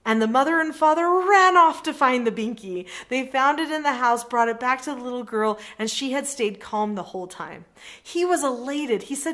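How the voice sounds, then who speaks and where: A woman's voice: sits high, lively intonation, normal speed, fairly bright tone. A middle-aged woman coaching parents in a direct-to-camera lesson, earnest and encouraging, telling a story from her work.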